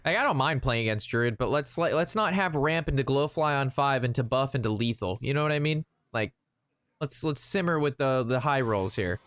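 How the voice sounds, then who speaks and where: A man chatting casually while playing a card game, retelling an anecdote in an animated, rambling way. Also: medium pitch, brisk, no echo. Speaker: gaming streamer. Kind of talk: casual gameplay commentary with storytelling.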